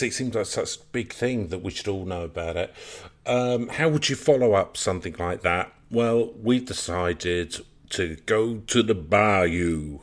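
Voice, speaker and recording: A man hosting a podcast, introducing an episode in an unhurried, amused, slightly halting way. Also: fairly low pitch. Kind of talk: casual podcast narration.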